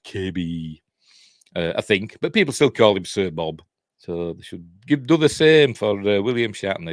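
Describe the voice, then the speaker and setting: A man from Yorkshire with a broad local accent and a lowish voice that swings up and down a lot as he talks. He reads news items aloud on a live stream, then drifts into rambling, joking asides. The sound is close and dry. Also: no room sound. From Yorkshire, England. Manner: self-deprecating, swears mildly, laughs at his own jokes.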